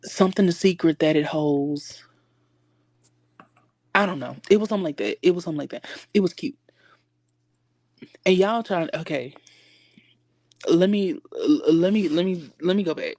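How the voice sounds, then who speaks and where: A man's voice: high-pitched, animated, moderate pace, pauses often, darkish tone, no room sound, studio quality. A man hosting a casual livestream chat, sassy and rambling, often stopping himself to get back on track. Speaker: livestream host. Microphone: phone.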